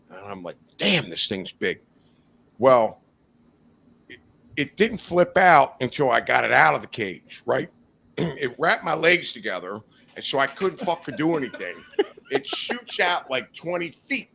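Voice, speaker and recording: A man tells a rowdy story as a podcast guest, swearing freely and laughing as he goes. His voice swings up and down with lively energy, and his tone is bright and forceful. A faint hum of noise sits behind him. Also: medium pitch, creaky. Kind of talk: casual storytelling. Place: studio.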